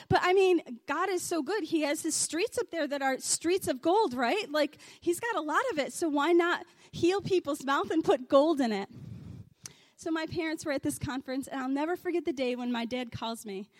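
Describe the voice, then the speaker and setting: High-voiced, excitable woman preaching. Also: moderate pace, dry recording. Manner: excited, animated storytelling. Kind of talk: testimony sermon. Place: church stage under lights.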